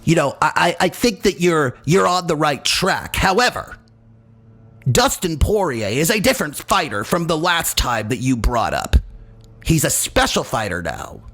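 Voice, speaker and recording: A man voicing a nitpicking, smug male online commenter with a drawn-out, creaky, sing-song delivery. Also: on the high side, big pitch swings, fairly bright tone, full character voice. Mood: lecturing.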